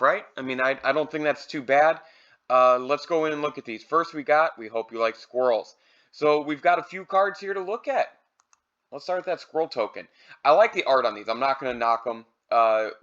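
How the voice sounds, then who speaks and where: Bright-voiced man, easygoing card review, slightly dull lo-fi recording. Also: a little high. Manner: relaxed, thinking aloud with fillers. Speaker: card collector reviewing products. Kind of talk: casual product review.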